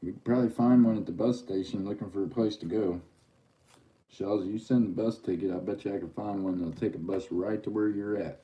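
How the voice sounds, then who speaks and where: A man's voice: fairly low pitch, steady tone, fairly quick, mellow. A middle-aged man, hosting a livestream and teasing his chat in a joking, easygoing drawl. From Oklahoma. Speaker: livestream host.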